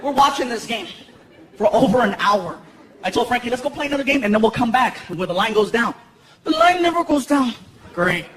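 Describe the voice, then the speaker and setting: Lively stand-up comedian, a high-pitched man, performing live to a big laughing crowd in a noisy venue. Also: a little fast. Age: 30s. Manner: animated, lots of character voices and shouted punchlines. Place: large theater stage. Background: audience laughter and crowd noise.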